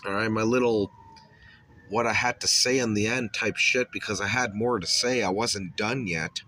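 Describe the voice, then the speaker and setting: A man's voice: on the low side, moderate pace, sharp tone. A man hosting his podcast, telling stories in a rambling, profane, boastful way. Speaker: podcast host. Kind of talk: casual monologue.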